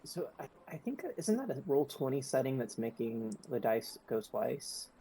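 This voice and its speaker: Mellow player, rambling and self-doubting. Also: medium pitch, very animated, normal speed, a little hiss or hum. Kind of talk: casual chat.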